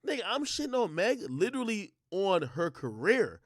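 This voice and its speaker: A man's voice: sits high, very animated, normal speed, no echo, studio quality. A man hosting a livestream, ranting in a heated, profane way and stumbling over filler words and restarts. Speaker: livestream host.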